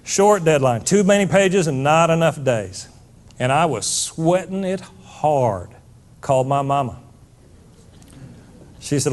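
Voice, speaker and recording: A man's voice: fairly high pitch, animated, a little slow, pauses often. Blunt, emphatic man giving a keynote. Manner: blunt, emphatic, addresses the audience as folks. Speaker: motivational speaker. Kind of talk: keynote speech. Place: stage before a live audience.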